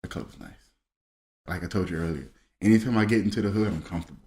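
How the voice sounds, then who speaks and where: A young man from Maryland, USA, co-hosts a casual podcast chat in an echoey room, telling stories and acting out what people said. His voice sits low and is expressive, fast, and a little mellow.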